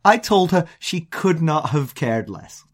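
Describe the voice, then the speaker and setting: English man, podcast co-host, lively pitch, storytelling, casual chat. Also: unhurried. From England. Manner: animated storyteller, mimics accents in quotes.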